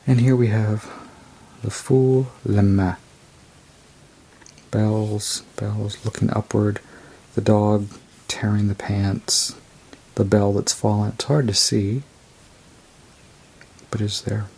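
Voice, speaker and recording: A man with a low, gravelly voice shows off a tarot deck card by card. His delivery is rambling and unhurried, with a husky, slightly rough edge. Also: level tone, darkish tone. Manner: rambling and unhurried, describing cards as he goes. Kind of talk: casual show-and-tell review.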